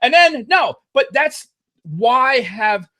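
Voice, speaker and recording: A man's voice: very high-pitched, big pitch swings, slow pace, pushed and bright. A man co-hosting a podcast, ranting about a movie with heavy swearing. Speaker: podcast co-host. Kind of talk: casual profane movie chat.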